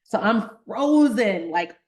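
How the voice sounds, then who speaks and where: Animated middle-aged woman telling a story. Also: medium pitch, slow. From Detroit, Michigan. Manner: animated, acts out quoted voices. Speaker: guest, physician. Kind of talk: storytelling in an interview.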